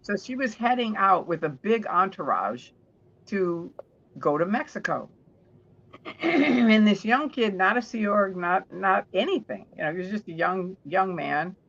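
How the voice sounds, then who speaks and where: A woman's voice: medium pitch, lively intonation, unhurried, gravelly, muffled recording. Chatty woman guest telling stories. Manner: chatty, warm storyteller who often restarts sentences.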